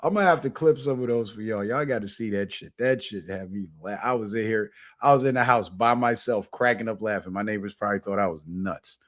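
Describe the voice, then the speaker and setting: A man's voice: on the low side, brisk, few pauses, a bit bright. A man hosting his own channel at home alone, talking in a loose, profane, casual commentary style and laughing often. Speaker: channel host.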